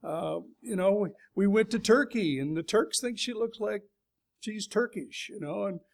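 A man's voice: high-pitched, normal speed, vocal fry. A middle-aged man from California giving a sermon in a folksy, conversational storytelling way. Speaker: preacher.

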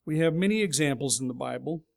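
A middle-aged man from California preaching to his congregation. He tells stories in a folksy, conversational way, and his voice sits a little higher than most men's. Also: animated, quick pace, creaky. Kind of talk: sermon.

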